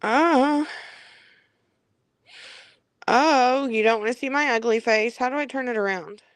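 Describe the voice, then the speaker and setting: Woman, casual livestream gossip host, slow, rambling, swears freely, close dry phone audio. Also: fairly high pitch, clean tone, dry recording. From Kentucky.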